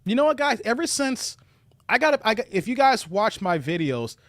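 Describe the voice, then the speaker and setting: A man from Chicago hosts a reaction livestream and talks straight to his viewers. His voice sits high for a man and swings widely in pitch. He is mocking and animated, and the sound is close and dry. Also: normal speed, no room sound. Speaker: commentary show host.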